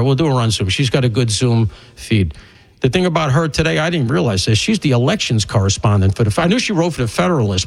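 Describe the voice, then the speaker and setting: A man's voice: mid-range voice, low-quality recording. Emphatic, rambling talk radio host man. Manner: emphatic, rambling, wry asides. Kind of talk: opinionated talk radio monologue.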